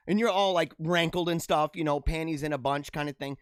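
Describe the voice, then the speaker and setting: A man hosting a casual livestream show, reading out viewer comments and chatting back in an animated way on a radio-style mic. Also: fast talker, few pauses, dry recording, clean studio sound. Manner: animated, talks with feeling, drops pitch low for asides. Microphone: radio-style studio mic.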